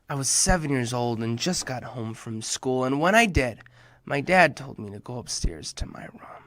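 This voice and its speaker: A young man telling a children's story in an animated, expressive way, swinging up and down for emphasis. He talks straight to the kids in the audience, at an ordinary mid pitch. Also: normal speed, dry recording, studio quality. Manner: animated, addresses kids directly, jumps in pitch and loudness for emphasis.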